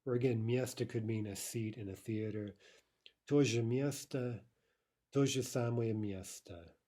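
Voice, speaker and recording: A man teaching a language lesson, explaining grammar with many fillers and repeating each example slowly. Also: medium pitch, warm tone.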